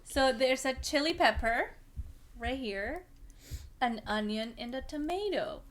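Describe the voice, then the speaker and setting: A woman's voice: sits high, expressive, a little slow, a bit bright. A woman co-hosting a casual chat, laughing often and chiming in to support her friends. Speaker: podcast co-host.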